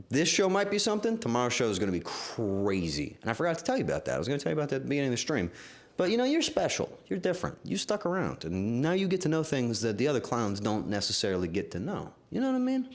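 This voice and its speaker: Lively, playful male streamer. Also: medium pitch, fast talker. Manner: playful, teasing, excitable. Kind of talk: livestream chat with viewers.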